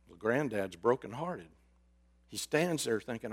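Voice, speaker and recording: A man preaching a sermon, swinging between loud emphasis and hushed, drawn-out words. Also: mid-range voice. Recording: reverberant hall.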